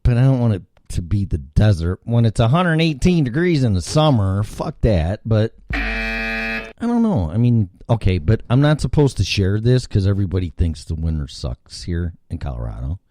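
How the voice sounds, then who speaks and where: A man's voice: lowish voice, very animated, moderate pace, warm tone, no room sound, studio quality. A man hosting a live talk show, rambling sarcastically and swearing freely. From Midwest. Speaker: host.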